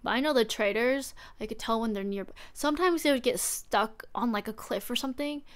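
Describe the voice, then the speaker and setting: A woman's voice: a little high, a little fast. Rambling young woman streaming. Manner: rambling, thinking aloud, trailing off. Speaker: livestreamer. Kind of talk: casual stream chat.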